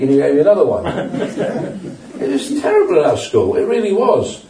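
A slightly fast, warm, high-sitting voice with big pitch swings belongs to an older man preaching with humor and an easy, conversational manner, questioning his congregation. The distant mic in the echoey church hall also catches a bit of hiss or hum.

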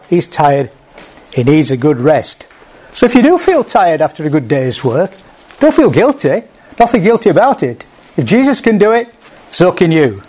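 Slightly high and a little mellow, this man's voice carries a sermon delivered plainly and conversationally. He makes small restarts along the way and acts out the words he quotes.

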